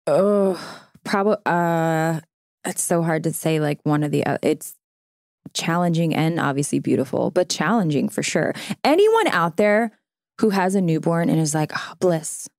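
Earnest new-mom guest, lower-voiced woman. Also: lively intonation, unhurried, a little mellow, no room sound, clean studio sound. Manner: earnest, heavy use of "like", acts out quotes. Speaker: podcast guest. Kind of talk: casual chat.

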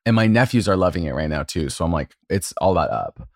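A man's voice: low voice, animated, brisk, a little mellow, no room sound, studio quality. A man co-hosting a podcast, retelling a story with emotional, gushing enthusiasm and plenty of filler words. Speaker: podcast co-host. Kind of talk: casual chat.

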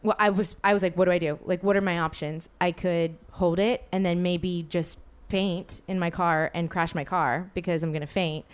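A woman's voice: fairly low pitch, moderate pace, hardly any pauses, clean tone. A young woman casually telling a long, rambling story to a co-host, full of fillers and quoted back-and-forth. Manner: rambling, animated, filler-heavy retelling.

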